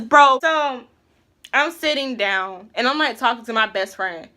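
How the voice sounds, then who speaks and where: A woman's voice: fairly high pitch, lively intonation, measured pace, bright, forceful tone. A young woman telling a personal story in a casual, chatty way, with lots of filler words and slang. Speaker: vlogger.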